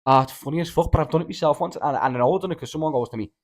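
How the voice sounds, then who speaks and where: A man's voice: on the high side, racing. A young Scouse man hosting a podcast, telling stories in a rambling, sweary way and calling everyone "lad". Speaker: podcast host. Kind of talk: casual storytelling chat.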